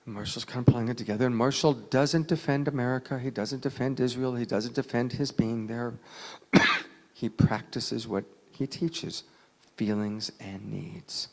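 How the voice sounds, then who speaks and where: Man telling a story, gravelly voice. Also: medium pitch, fairly even intonation, normal speed. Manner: dramatic, swings from loud to near whisper. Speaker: speaker telling a story to an audience. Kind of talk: emotional storytelling talk.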